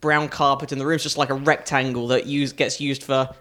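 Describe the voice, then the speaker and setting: Comedian rambling through a story. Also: male voice, medium pitch, little pitch movement, fairly quick, pushed and bright. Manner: rambling anecdotal storytelling with frequent laughs. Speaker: stand-up comedian. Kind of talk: casual podcast chat.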